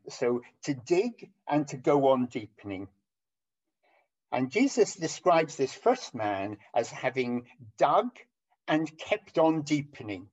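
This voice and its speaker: Halting older preacher, lo-fi. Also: male voice, a little high, a little mellow, husky. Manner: halting, with many ums and restarts. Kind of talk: sermon over an online call. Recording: dull lo-fi audio.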